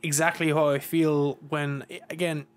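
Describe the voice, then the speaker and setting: A man with a slightly raised voice hosts a loose, casual podcast chat. He rambles through animated stories, swearing freely and restarting his sentences as he goes. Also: on the high side, a little slow. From Ireland. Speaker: podcast host.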